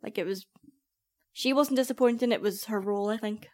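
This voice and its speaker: A woman's voice: mid-range voice, a little fast, darkish tone. A woman with a mid-range voice talks casually about a movie as a podcast guest. She sounds earnest and agreeable. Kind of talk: casual film review chat.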